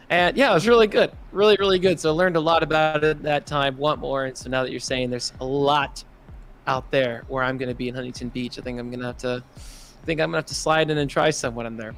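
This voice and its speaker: A man's voice: medium pitch, fairly bright tone. A man co-hosting a live call-in show, telling long, easygoing anecdotes with the odd laugh. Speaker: co-host.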